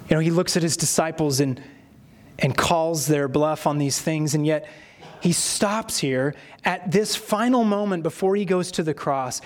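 Male pastor, higher voice, expressive sermon delivery that dramatizes the scripture he quotes.

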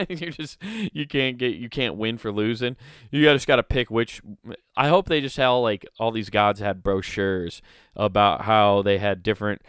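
A young man talks in a loose, rambling, joking vlog style. His voice sits low and smooth, recorded close and dry. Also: fairly even intonation, normal speed, fairly bright tone, no echo. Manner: rambling, jokey, riffs into bits. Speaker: vlogger. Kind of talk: casual comedic commentary.

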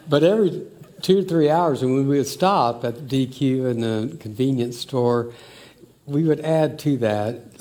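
An older man telling family stories in a slow, reflective, emotional way. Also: medium pitch, slight background noise. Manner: slow, warm, emotional storytelling.

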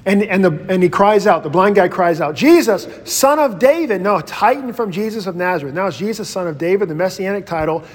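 Male pastor, slightly high voice, casual animated Bible study teacher, long room reverb. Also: fast, few pauses. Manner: casual, animated storytelling with acted quotes.

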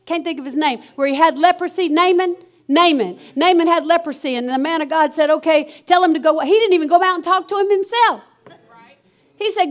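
A woman preaching a lively sermon with a very high voice. She calls out to the room with exclamations and keeps an energetic, call-and-response rhythm. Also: a little fast.

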